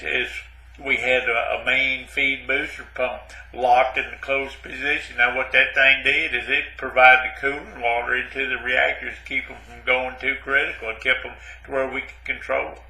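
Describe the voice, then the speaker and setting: A man's voice: mid-range voice, vocal fry, sharp tone, reverberant, rough recording. A man playing a rambling, self-pitying ex-Navy man who stammers and keeps saying "man" in a comic monologue. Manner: rambling, repeats "man" and "but anyway", stammers.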